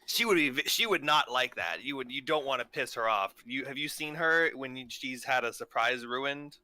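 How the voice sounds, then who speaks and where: A man's voice: medium pitch, expressive, moderate pace, sharp tone, no room sound. A man voicing a male adventurer who bluffs a guard with stumbling, persuasive talk. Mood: pleading. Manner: pleading, persuasive, stumbling over words.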